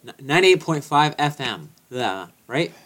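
A man's voice: medium pitch, very animated, a little slow, fairly bright tone. A young man co-hosting a casual sports podcast, joking and easily fired up. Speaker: podcast co-host.

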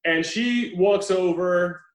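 A man in casual chat, retelling a film with animated, profane storytelling and acted-out lines. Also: high-pitched, slow pace, reverberant, rough recording.

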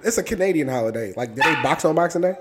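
Laid-back podcast co-host, lively voice. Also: male voice, a little high, racing, heavy background noise. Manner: laid-back, rambling, joking, swears. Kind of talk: casual chat.

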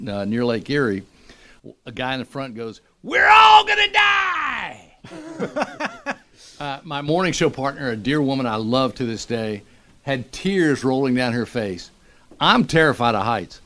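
A middle-aged man, a radio morning show host, telling a story in a lively, animated way. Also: medium pitch, normal speed. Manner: animated storyteller, acts out quotes. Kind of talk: casual storytelling.

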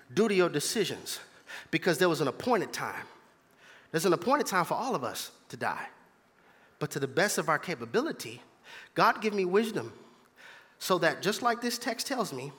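A man's voice: sits high, pushed and bright, breathy edge, big-room sound. A man preaching a sermon as pastor in a church, emphatic and repetitive, calling out to the congregation. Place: church sanctuary.

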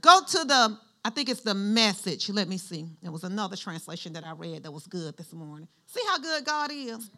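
A woman's voice: mid-range voice, very animated, normal speed, few pauses, sharp tone. A woman pastor preaching a sermon in church, using call-and-response and having the congregation finish her lines.

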